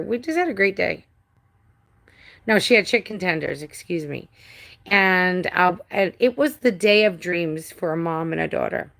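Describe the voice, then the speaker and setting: Middle-aged woman, live-stream host; low, gravelly, rambling delivery. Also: fairly bright tone. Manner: rambling with restarts and swearing. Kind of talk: casual live-stream chat. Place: home with a cat.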